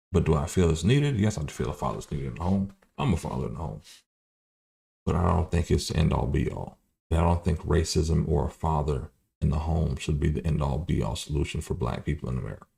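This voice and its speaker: A man in his thirties hosts a livestream in a very deep, creaky, mellow voice. His commentary rambles, and he speaks bluntly and profanely.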